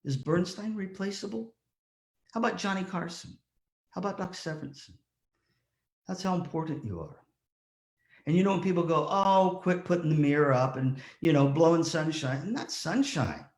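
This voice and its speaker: An older man speaks as a guest speaker at a conference, telling a story with animated quoted voices. His voice sits a little high for a man. The sound is roomy and echoey. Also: normal speed. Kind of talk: motivational talk. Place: virtual conference talk.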